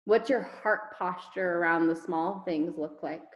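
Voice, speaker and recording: A woman's voice: lowish voice, measured pace, echoey room, poor audio. A woman leading a network marketing team, giving an emphatic motivational talk over a video call, firing rhetorical questions and repeating words for effect. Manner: emphatic, rhetorical questions, repetition, casual swearing.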